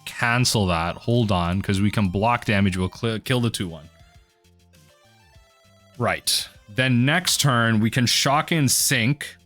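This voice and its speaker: A man commentating his own card game match for a video, muttering quietly at times and then bursting into excited yells. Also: slow, soft background music. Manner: mutters low then erupts into excited yelling. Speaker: gaming video host.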